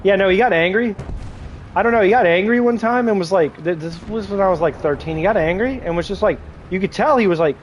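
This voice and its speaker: A man's voice: sits high, quick pace, a little hiss or hum, rough recording. A man in his twenties streaming a game and chatting with viewers, telling crude jokes and laughing often. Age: 20s. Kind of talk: casual livestream chat with viewers.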